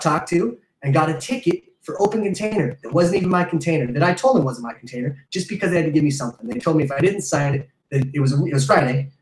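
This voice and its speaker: A man's voice: medium pitch, a little mellow. Profane ranting man in echoey room. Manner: profane, heated, rambling with restarts. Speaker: podcast host. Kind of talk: casual rant.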